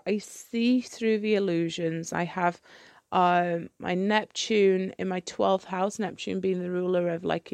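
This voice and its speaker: A woman's voice: medium pitch, vocal fry, no room sound. A woman hosting her own podcast, talking candidly and rambling with plenty of fillers and restarts. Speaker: podcast host. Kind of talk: candid solo podcast chat.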